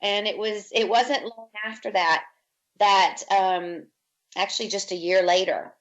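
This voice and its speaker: A woman's voice: mid-range voice, measured pace, lo-fi sound. A woman from Virginia, a podcast guest, telling her life story in an interview and acting out the voices of the people she quotes. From Virginia, USA. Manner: lively storyteller who acts out quoted speech.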